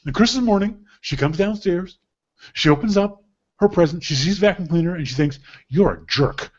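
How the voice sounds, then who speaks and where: Guy hosting a podcast, kinda high voice, joking around, muffled lo-fi audio. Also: a little fast. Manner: joking, animated storyteller. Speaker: podcast host. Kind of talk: casual gift-guide chat.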